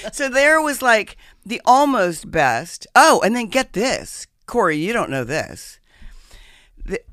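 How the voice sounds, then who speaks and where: A woman hosting a casual chat, telling a story in an animated, dramatic way and swearing freely. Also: lowish voice, no echo, clean studio sound.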